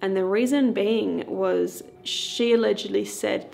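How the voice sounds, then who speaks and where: A woman's voice: medium pitch, steady tone, a little slow, gravelly, few pauses, a little mellow, a little hiss or hum. A woman hosting a paranormal investigation vlog, chatting loosely to her viewers with fillers. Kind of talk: casual vlog chat to viewers.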